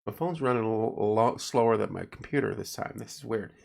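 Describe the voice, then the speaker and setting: A man's voice: on the low side, fast, gravelly, darkish tone. A tired man hosting a casual late-night livestream, joking around and reading viewer comments aloud. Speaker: livestream host.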